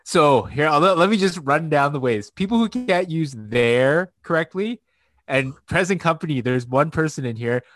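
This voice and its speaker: A man's voice: on the high side, lively intonation, moderate pace, a bit bright. A man ranting in casual podcast chat, swearing and getting worked up, from Canada. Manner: profane, gets worked up mid-rant. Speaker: podcast co-host.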